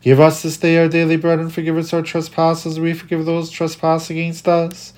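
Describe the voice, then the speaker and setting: Someone reading church prayers in a dead flat monotone, mid pitch, trips over a word now and then. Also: normal speed. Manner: steady recitation with occasional stumbles and restarts. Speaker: prayer reader. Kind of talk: liturgical prayer recitation.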